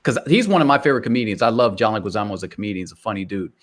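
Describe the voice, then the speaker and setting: A man's voice: on the low side, lively intonation, racing. Laid-back man hosting a fan chat. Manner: laid-back, asks the group questions, laughs often. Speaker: podcast host. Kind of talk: casual chat.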